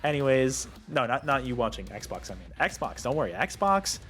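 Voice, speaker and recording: A young man in the middle of an angry rant, swearing freely. His voice swings wildly up and down in pitch as he gets worked up. Faint music plays underneath. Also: normal speed. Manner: heated, profane, lively swings in pitch. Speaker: gaming video creator.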